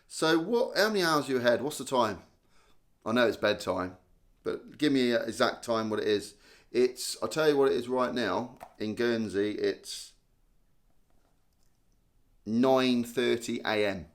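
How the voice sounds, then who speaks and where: A young man hosting a casual live stream, chatting and joking as he reads out viewer comments. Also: mid-range voice. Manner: chatty, self-mocking, reads viewer names aloud.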